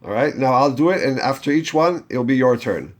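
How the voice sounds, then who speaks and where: A Torah reading teacher with a mid-range, expressive voice moves at a brisk pace. He gives a step-by-step chanting lesson, patiently guiding learners through each stage and having them repeat after him.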